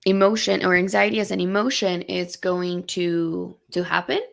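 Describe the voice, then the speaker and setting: Gravelly low-voiced woman explaining casually. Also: flat delivery, moderate pace, fairly bright tone. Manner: explains brain science plainly, many fillers and restarts. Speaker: podcast co-host.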